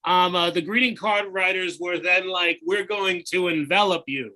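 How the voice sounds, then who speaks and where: A man's voice: high-pitched, moderate pace, bright, forceful tone, poor audio. A man improv player telling jokes, a little hesitant.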